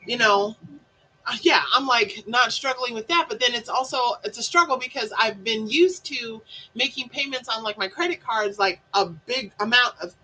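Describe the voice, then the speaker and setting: A woman with a high, bright voice talks frankly through her week in a casual vlog. She rambles and swears freely and scatters "like" and "you know" through every sentence. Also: moderate pace, breathy edge, low-quality recording. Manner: candid, rambling storytelling with frequent swearing; peppers speech with "like" and "you know". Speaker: vlogger. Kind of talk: casual mental health chat.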